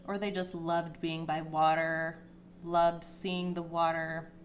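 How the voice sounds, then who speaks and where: A woman gives a casual, emotional spiritual tarot reading, chatty and full of fillers; at times she gets teary and her pitch rises. Her tone is level and she takes things slowly, with slight background noise.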